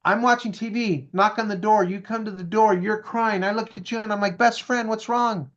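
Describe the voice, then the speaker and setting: A man's voice: high-pitched, fairly even intonation, fairly quick, a bit bright, dull audio. A man being interviewed who tells a story with energy, acts out the dialogue and keeps asking "right?" and "okay?". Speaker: guest speaker.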